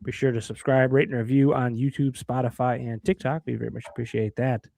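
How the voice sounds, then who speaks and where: Gravelly laid-back podcast co-host man. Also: medium pitch, flat delivery, a little fast, darkish tone. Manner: laid-back, chuckling banter. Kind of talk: casual sports chat.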